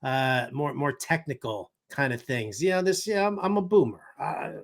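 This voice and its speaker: A man's voice: mid-range voice, expressive, normal speed. A man in his mid-fifties hosting a fantasy baseball podcast, rambling, joking and cursing freely in casual chat. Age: 50s. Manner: rambling, jokey, curses freely. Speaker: podcast host.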